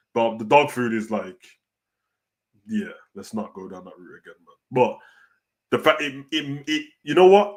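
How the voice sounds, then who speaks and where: A British man hosting a casual wrestling reaction stream. He is animated and slangy, tacking "bro" onto nearly every line. His voice sits at an ordinary male pitch. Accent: British (London street slang).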